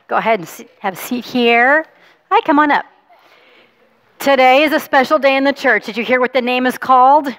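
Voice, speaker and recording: A woman pastor with a fairly high voice reads the gospel and gives a children's sermon, speaking gently to the kids. She coaxes and encourages them, and a long reverb from the church sanctuary trails her words.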